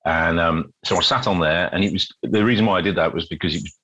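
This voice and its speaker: A man's voice: sits low, fast talker, low-quality recording. A middle-aged British man, a busker, telling stories in a casual interview, often repeating words as he goes. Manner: animated storyteller, repeats words, acts out quotes. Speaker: guest busker.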